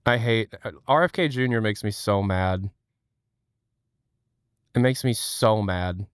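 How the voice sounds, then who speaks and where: A man's voice: fairly low pitch, a little slow, clean tone, no echo, studio quality. A man hosting a livestream from home, chatting casually, joking, swearing and laughing often. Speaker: livestream host. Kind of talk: casual chat.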